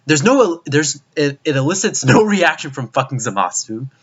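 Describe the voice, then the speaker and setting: A man's voice: a little high, big pitch swings, normal speed, breathy edge. Exasperated young man ranting. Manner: profane, exasperated, frequent restarts. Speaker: anime reviewer. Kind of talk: ranting video review. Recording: dull lo-fi recording.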